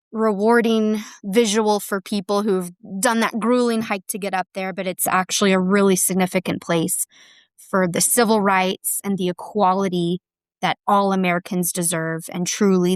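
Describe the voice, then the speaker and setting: Ranger guest, woman, mid-pitched, clear voice, eager and heartfelt. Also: steady tone, normal speed, no room sound, studio quality. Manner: enthusiastic, earnest storytelling. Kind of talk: casual chat.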